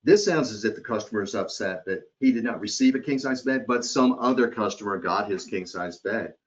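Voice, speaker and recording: This live hospitality training webcast is led by a man with a lowish voice and a brisk pace. He keeps things conversational and frequently checks in with the audience, captured on a computer or headset mic with dull, lo-fi sound.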